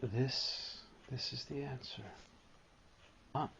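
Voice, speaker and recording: A man giving a live spiritual talk to an audience, animated and storytelling, at times acting out a whining child. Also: medium pitch, slow pace, vocal fry, highs cut off, a little hiss or hum.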